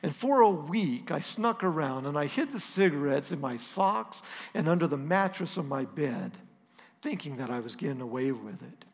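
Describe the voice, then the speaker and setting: A man's voice: a little high, expressive, moderate pace. A middle-aged man telling a story as a pastor in a casual, self-deprecating, conversational way. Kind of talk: storytelling sermon. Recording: long reverb.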